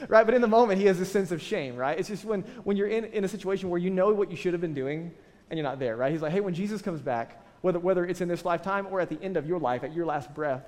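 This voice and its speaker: A high-voiced man preaching at a quick clip, casual and animated, often turning to the congregation for agreement. His voice rings out with a long reverb through a large hall. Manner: conversational, animated preaching with frequent "right?" asides. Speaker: pastor. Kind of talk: sermon.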